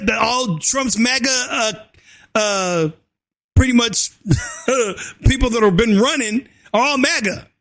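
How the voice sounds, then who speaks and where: A man vlogging a fiery, crude political rant, often shouting and tacking "and so forth" onto his lines. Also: extremely high pitch. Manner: crude slang and cursing. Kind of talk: ranting political commentary.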